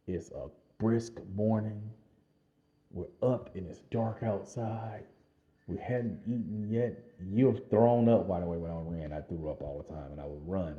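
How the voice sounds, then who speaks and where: A man with a very deep voice tells a story from his own life as a casual vlog. He talks in an animated way, laughs often and leans on fillers. The sound is dull and slightly lo-fi. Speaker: vlogger telling a personal story.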